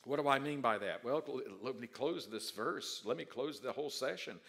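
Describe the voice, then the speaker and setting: A male pastor preaching a sermon, dropping to quiet asides and then rising to loud, drawn-out emphatic declarations. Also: medium pitch, lively intonation, gravelly. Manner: stretches key words slowly for emphasis.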